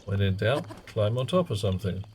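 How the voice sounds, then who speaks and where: A man's voice: fairly low pitch, animated, brisk, a little mellow, a little hiss or hum. A man giving casual, wry commentary while streaming a game, muttering self-mocking asides. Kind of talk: casual live gameplay commentary.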